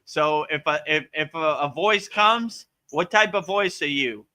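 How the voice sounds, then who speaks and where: A man who is a spiritual teacher, hosting a live-stream Q&A in a casual, animated way and often asking "you know?" and "right?". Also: on the high side, measured pace. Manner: acts out voices playfully.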